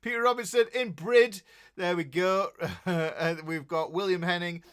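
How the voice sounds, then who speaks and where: A man's voice: high voice, measured pace, a bit bright, smooth. A middle-aged man with a Yorkshire accent, hosting a casual guitar livestream and chatting in a jokey, rambling way. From Yorkshire, England. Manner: jokey, chatty and rambling, greeting viewers by name.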